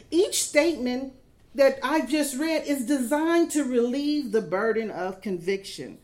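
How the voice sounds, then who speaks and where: Middle-aged woman preaching, high voice, tells stories and pushes her points hard. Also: lively intonation, unhurried, darkish tone. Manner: storytelling with rising emphasis and acted quotes. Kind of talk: sermon.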